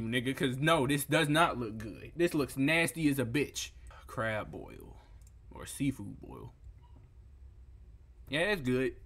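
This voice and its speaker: A young man with a mid-range voice does a comedic reaction rant over food photos, incredulous and profane, erupting into loud outbursts.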